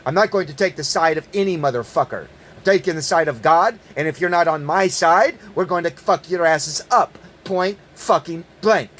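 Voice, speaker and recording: An online commentator rants in an angry, profane monologue, his voice on the high side and fairly bright, moving at normal speed. He's emphatic and tends to repeat words in bursts.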